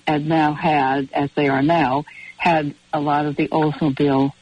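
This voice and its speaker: A woman's voice: low voice, flat delivery, a little slow, darkish tone, breathy edge, dry recording. A woman co-hosting a radio show, chatting casually and rambling through long anecdotes. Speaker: radio co-host. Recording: dull, dry radio broadcast audio.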